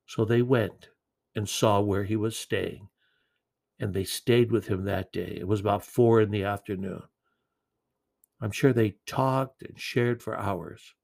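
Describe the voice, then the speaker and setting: A man preaching a sermon in an earnest, gentle way, with occasional repeated words. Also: fairly low pitch, fairly even intonation, a little slow, vocal fry.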